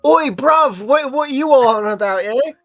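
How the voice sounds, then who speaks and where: A surly, cheeky newspaper boy voiced by a game master who talks in brash slang and a deliberately clumsy Cockney accent. The voice is pushed noticeably higher and punchier than the speaker's own. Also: animated, fairly bright tone, exaggerated voice. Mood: cocky. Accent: clumsy put-on Cockney. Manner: brash, swaggering "oi bruv" slang. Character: cheeky street boy selling papers, surly.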